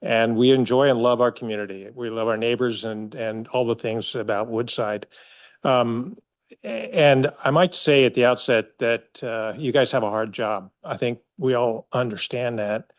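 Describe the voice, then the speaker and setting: An older man giving public comment at a town council meeting, earnest and pleading, halting with fillers, speaking into a podium microphone in a council chamber. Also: medium pitch.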